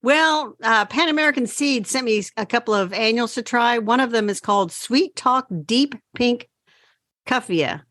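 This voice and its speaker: A woman's voice: fairly high pitch, fairly bright tone, dry recording, clean studio sound. Chatty woman gardening podcast host. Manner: chatty, brisk gardening updates. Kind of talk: casual chat.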